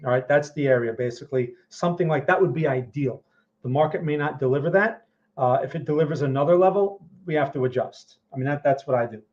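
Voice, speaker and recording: A man's voice: fairly high pitch, fast, a little mellow, highs cut off. Casual, rambling male stream host. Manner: casual, rambling, repeats words, asks "okay?" and "right?". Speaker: trading channel host. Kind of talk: live-stream market commentary and viewer Q&A.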